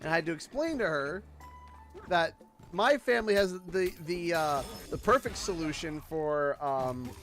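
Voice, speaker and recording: Animated bright-voiced man streaming. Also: a little high, unhurried. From Canada. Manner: animated storytelling with mock quoted voices. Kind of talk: casual livestream chat. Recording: faint music behind.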